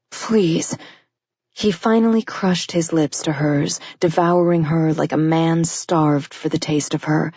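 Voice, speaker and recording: Husky low-voiced woman narrator. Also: warm tone, dry recording, lo-fi sound. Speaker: audiobook narrator. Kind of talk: scripted romance narration.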